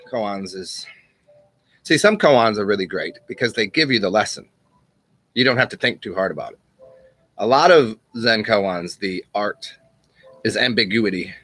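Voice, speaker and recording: A man with a lowish voice holds forth in a loose, casual way, retelling parables as a channel host. He rambles and restarts, then chuckles before picking the thread back up. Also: a bit bright, no echo. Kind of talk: casual spoken teaching and storytelling.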